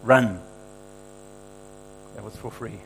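Male preacher, mid-pitched, emphatic sermon delivery, light mains hum behind. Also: moderate pace, vocal fry, rough recording. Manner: emphatic, quoting scripture with rising force.

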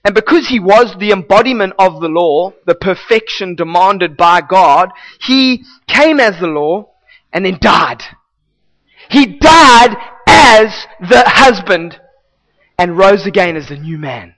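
A man's voice: high-pitched, lively intonation, unhurried, a bit bright, poor audio. A male pastor preaching a sermon in a conversational, emphatic way, repeating key phrases.

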